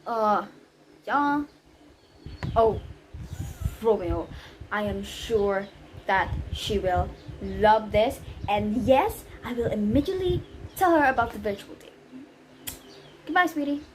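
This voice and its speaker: A woman's voice: medium pitch, slow pace, pauses often, slight background noise, lightly acted. A woman playing a flustered nurse in an amateur school play, stammering and correcting herself. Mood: excited. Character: fussy, flustered nanny, middle-aged woman. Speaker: Juliet's nurse in a class play. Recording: echoey room, far from the mic.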